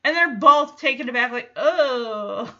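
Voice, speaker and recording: A woman's voice: sits high, expressive, takes it slowly, pushed and bright, lo-fi sound. A woman hosting a podcast, recapping a TV episode in a chatty, amused way with frequent laughter. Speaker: podcast host.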